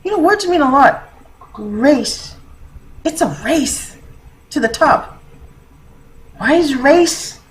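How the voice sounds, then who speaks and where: Woman vlogger, high voice, rambling and chatty, laughs a lot. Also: expressive, slow, pauses often, poor audio. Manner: laughs often, rambling with many fillers. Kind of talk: casual rambling monologue.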